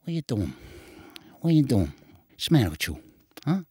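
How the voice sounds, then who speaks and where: Menacing New tough guy, a man putting him on, repetitive and confrontational, dark mellow tone, dry close sound. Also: mid-range voice, sing-song, moderate pace, slightly rough, dry recording, voice pushed down. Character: menacing aggressive male New York tough-guy actor impression.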